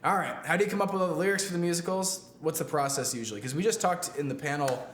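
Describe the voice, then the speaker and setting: A man hosting a live stream, reading out viewer questions in relaxed, chatty talk. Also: a little high, quick pace. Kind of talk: casual live-stream chat. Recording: echoey room, faint noise.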